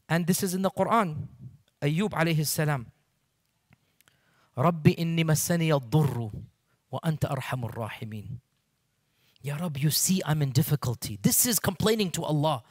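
A man delivering a sermon-style lecture, pressing his points with emphatic rhetorical questions. His voice sits fairly high for a man. The sound is dry and close, with no room echo. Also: lively intonation, normal speed. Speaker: Islamic lecturer.

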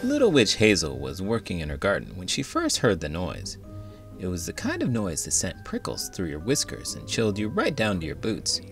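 An animated man reads a children's picture book aloud, his low voice rising and dipping in wide swings. He tells the story with playful energy, and faint music plays behind him. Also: normal speed. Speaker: elementary school teacher reading aloud.

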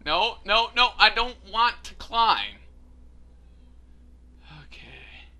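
Gamer guy, slow drawn-out rants that swing wildly in pitch, exasperated and cursing. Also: big pitch swings, pushed and bright. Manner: frustrated, laughing, cursing rants. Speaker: let's play gamer. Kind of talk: gameplay commentary.

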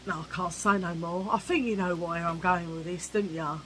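Her lowish, slightly bright voice holds a steady tone at a moderate pace while she cheekily rants to camera in a casual vlog. She is talkative and full of opinions, mimicking old-fashioned voices, and the low-quality audio carries a bit of background noise.

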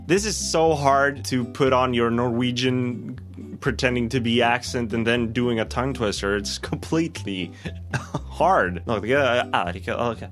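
A man's voice: mid-range voice, big pitch swings, unhurried, fairly bright tone, soft background music. A young man with a Swedish accent, vlogging casually and laughing at his own slips as he tries tongue twisters. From Sweden.

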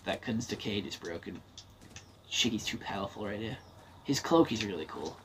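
A man's voice: lowish voice, animated, normal speed, fairly bright tone, slight background noise. A man giving casual gameplay commentary, swearing freely and talking himself through a match. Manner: swears freely, talks to himself while playing. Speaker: gaming streamer.

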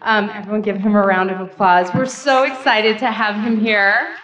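A woman's voice: mid-range voice, steady tone, normal speed, fairly bright tone, poor audio. A woman in her thirties hosting a benefit gala, telling a funny story in a chatty, laughing way at an event mic. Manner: chatty, laughing, self-deprecating. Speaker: gala emcee and raptor program staff. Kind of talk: casual storytelling speech at a gala. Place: banquet hall at a live event.

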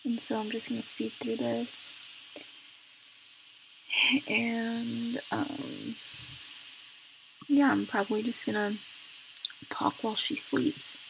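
A young woman with a fairly high, gravelly voice talks at an unhurried pace. She chats casually over her gameplay, exasperated and scolding as she goes. A faint hiss sits under the recording. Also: steady tone, poor audio. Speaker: gaming YouTuber.

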